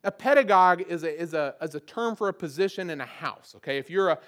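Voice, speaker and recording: Southern guy preaching, high voice, chatty and loose, trips over words sometimes. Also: expressive, fast, fairly bright tone. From Southern United States. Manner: conversational, repeats words as he restarts phrases. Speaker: pastor. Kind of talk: sermon.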